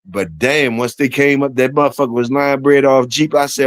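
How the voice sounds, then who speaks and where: A man's voice: medium pitch, moderate pace, no room sound. A man hosting a casual livestream, talking in slangy, profane, repetitive banter to his chat and guests. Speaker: livestream host.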